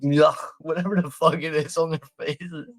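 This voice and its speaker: A man's voice: fairly high pitch, steady tone, normal speed, no echo. A man from Philadelphia hosting a live movie watch party, rambling and swearing with frequent laughs. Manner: profane, rambling, laughing often. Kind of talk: casual live commentary.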